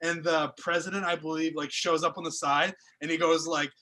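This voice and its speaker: A man's voice: a little high, brisk. A man co-hosting a podcast, jokingly retelling a funny movie scene. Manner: animated, joking. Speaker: podcast co-host. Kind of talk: casual chat.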